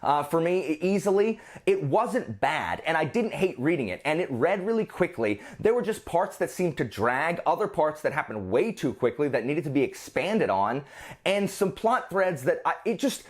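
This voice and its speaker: A man's voice: a little high, big pitch swings, normal speed. A man reviewing books in a casual vlog, rambling and often restarting his sentences. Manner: rambling, self-interrupting, frequent restarts. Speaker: book reviewer.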